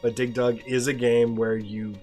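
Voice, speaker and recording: Dry guy walking a friend through the game, quiet trailing lines, game music on. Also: medium pitch, flat delivery, normal speed. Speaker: player and co-host of a gameplay video. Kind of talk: casual gameplay commentary.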